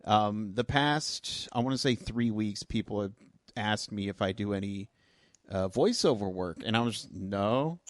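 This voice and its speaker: A man hosts a podcast in an easygoing, rambling way, poking fun at himself. His voice sits on the low side. The recording is close and dry. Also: moderate pace, no echo. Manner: relaxed, rambling, self-deprecating. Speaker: podcast host. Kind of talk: casual interview chat.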